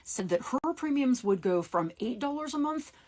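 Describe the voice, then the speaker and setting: A woman's voice: sits high, animated, normal speed, darkish tone. A woman urgently addressing viewers with a persuasive political explainer. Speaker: political commentator.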